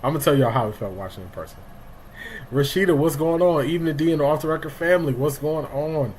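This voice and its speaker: A man's voice: fairly high pitch, fast, a little mellow, slight background noise, low-quality recording. A middle-aged man, hosting a casual live sports stream and greeting viewers by name. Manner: greets chat viewers by name, loose and talkative. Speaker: livestream sports show host.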